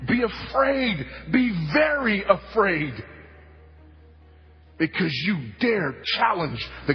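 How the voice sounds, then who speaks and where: A man preaches at an unhurried, weighty pace, repeating his points for emphasis and swinging from hushed to loud. His voice sits a little high for a man. The recording is muffled and lo-fi, with a long reverb trailing off the sanctuary walls and faint music beneath. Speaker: pastor. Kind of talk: sermon. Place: church sanctuary.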